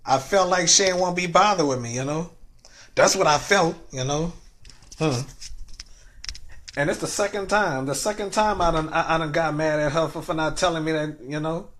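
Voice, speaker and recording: A man's voice: fairly high pitch, moderate pace, a little hiss or hum. Upset, stammering New man. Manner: stammers, repeating words several times; ends phrases with a soft, trailing "you know?". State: upset and near tears. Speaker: livestreamer. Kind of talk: rambling personal livestream monologue.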